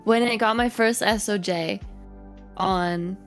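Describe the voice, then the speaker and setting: A woman's voice: mid-range voice, slow, faint music behind. A woman guest, a streamer and content creator, chatting casually in an interview, bubbly and giggly with lots of "like" fillers.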